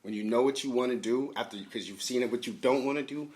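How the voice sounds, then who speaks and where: A man co-hosting a podcast, chatting casually with lively, encouraging remarks and quick interjections. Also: medium pitch, a little hiss or hum. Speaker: podcast co-host. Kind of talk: casual chat.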